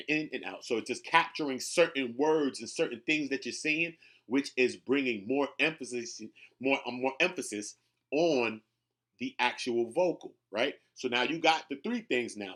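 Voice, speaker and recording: A man's voice: medium pitch, pushed and bright. A man casually teaching how to build a rap hook, talking loosely and often checking in with "right?" and "you know what I'm saying.". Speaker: rap tutorial host. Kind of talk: casual instructional talk.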